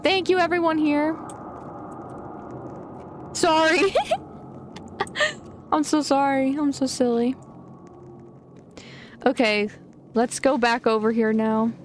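A young woman streaming a game live, excitable and chatty with her viewers, often gasping and giggling. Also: high voice, takes it slowly, pauses often, a little hiss or hum. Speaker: gaming streamer. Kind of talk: live gameplay commentary.

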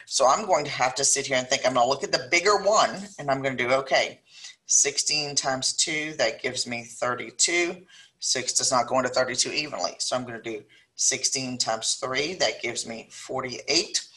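A middle-aged woman with a South Louisiana accent, teaching a math lesson and thinking out loud as she works each problem. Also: extremely low pitch. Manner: thinks aloud, slows down when dictating numbers. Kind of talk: recorded math lesson, working problems aloud.

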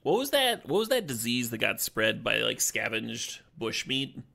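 Gravelly, playful man streaming a game. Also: medium pitch, normal speed. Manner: playful, joking, swears when excited. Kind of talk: casual game commentary.

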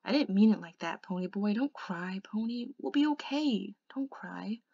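A woman voicing a scared teenage boy, shaky and gravelly. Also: medium pitch, animated, normal speed, warm tone, no echo. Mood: soothing. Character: frightened teenage boy on the run. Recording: dull lo-fi recording.

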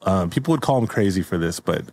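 A man with a fairly low voice hosts a comedy podcast, playfully narrating an improvised story. He laughs often and his pitch jumps around animatedly. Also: animated, fast, a little mellow. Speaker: podcast host.

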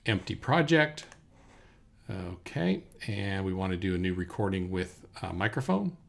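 A man teaching a software recording lesson at his computer, talking through each step in a relaxed way with fillers, into a desk microphone indoors. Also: low voice, measured pace, gravelly. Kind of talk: screen-recorded software tutorial. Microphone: USB desk microphone.

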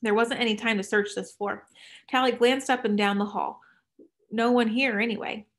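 A woman narrating an audiobook in a measured way, dropping to a hush in tense moments. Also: on the high side, fairly even intonation. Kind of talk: scripted narration.

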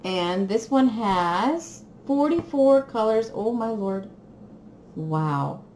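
A woman's voice: medium pitch, slow. Giddy, giggly woman unboxing a gift. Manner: excitable and giggly, gushing. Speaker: crafting vlogger. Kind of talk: casual unboxing chat to viewers. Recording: echoey room with faint noise.

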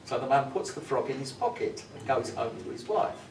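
A man's voice: medium pitch, lively intonation, fairly quick. Man lecturing in an echoey classroom. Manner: thoughtful, storytelling, instructive. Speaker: visiting professor leading a music workshop. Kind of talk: workshop lecture. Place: university classroom. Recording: roomy classroom from far off, noisy.

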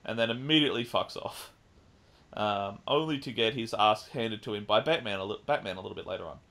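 A man co-hosting a podcast, casually recapping a film with lively retelling and the odd swear. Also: lowish voice, fairly quick, gravelly. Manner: animated retelling with swearing and mimicked lines. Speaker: podcast co-host. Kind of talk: casual chat, film review.

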